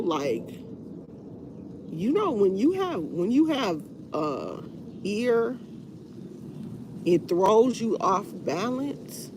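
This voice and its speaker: A woman hosts a casual livestream, chatting with viewers while congested from a stuffy nose, rambling in a tired, fed-up manner. Her voice is on the low side, with background noise present.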